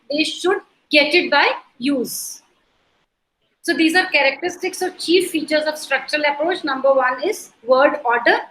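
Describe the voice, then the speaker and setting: A woman's voice: high-pitched, fairly bright tone. A woman with an Indian accent teaching an online lecture over a video call, explaining through repeated examples and checking that students follow. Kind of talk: online lecture mixing in Hindi. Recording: echoey room.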